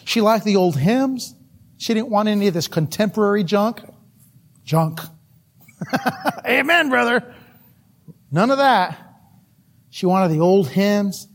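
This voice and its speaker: Brief: animated male preacher, husky tone, storytelling sermon. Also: high-pitched, slow pace, pauses often.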